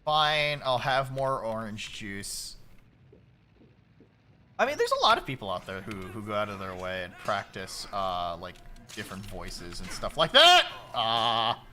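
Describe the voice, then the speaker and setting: A man in his late twenties chatting casually while streaming a game, loose and profane, shouting at the game when it goes wrong. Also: fairly low pitch, huge pitch swings, unhurried. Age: late 20s.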